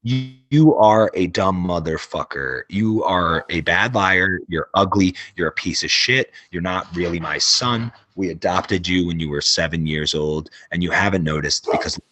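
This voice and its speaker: A man's voice: sits low, moderate pace, few pauses, pushed and bright, dry recording, voice pushed down. A man playing a scornful, insulting mother. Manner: blunt, insulting. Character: scornful mother berating her son.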